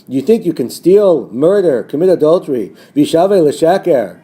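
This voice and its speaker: A male teacher giving a recorded lesson on a biblical text, reading Hebrew verses slowly and translating them line by line. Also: sing-song, dark tone. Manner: rises in pitch when quoting the false prophets' words.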